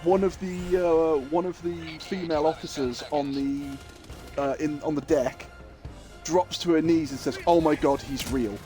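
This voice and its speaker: Male streamer, chatty and rambling, slightly high voice, faint music under. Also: steady tone, a little slow, warm tone. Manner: rambling, lots of fillers and restarts, swears casually. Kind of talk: livestream storytelling and gaming chat.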